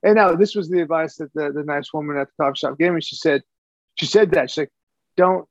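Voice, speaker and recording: A man's voice: fairly high pitch, fast talker, no room sound, muffled recording. A man co-hosting a podcast, talking in a loose, rambling way and repeating words as he thinks. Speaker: podcast co-host. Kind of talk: casual chat.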